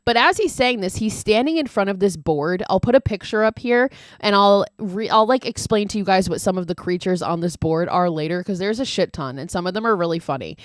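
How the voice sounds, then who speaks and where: A woman's voice: mid-range voice, expressive, fairly quick, few pauses, dry recording, studio quality. A woman hosting a podcast, recapping a horror movie in casual, chatty talk, swearing freely and laughing often. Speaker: podcast host.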